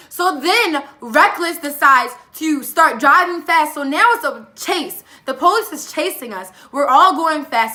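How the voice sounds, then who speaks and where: A teenage girl telling a casual storytime vlog, animated, acting out quoted lines between fillers. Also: high-pitched. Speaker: vlogger.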